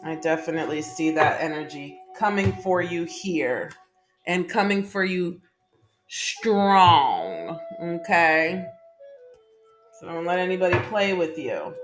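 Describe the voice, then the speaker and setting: A woman doing a casual tarot reading to camera, chatty and emphatic, often laughing. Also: low voice. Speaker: tarot reader.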